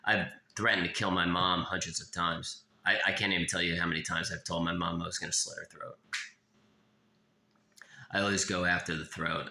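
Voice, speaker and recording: A man giving a blunt, profane confessional monologue as an author, halting and restarting often. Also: sits low, vocal fry, bright, forceful tone, reverberant. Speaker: author of a self-help memoir.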